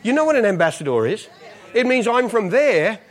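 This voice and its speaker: A man's voice: sits high, big pitch swings, a little fast, some chatter behind. A male pastor preaching a sermon as a comic, self-mocking story, often laughing through his lines.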